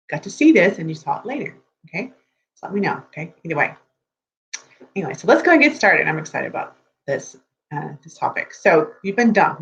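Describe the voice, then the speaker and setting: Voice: medium pitch, a bit bright. Dating coach, rambling live-stream chat, muffled lo-fi sound, faint hum behind. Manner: chatty, rambling, keeps checking in with "okay?" and "right?". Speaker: dating coach for tech men. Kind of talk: live-stream advice talk. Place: room with geek collectibles behind.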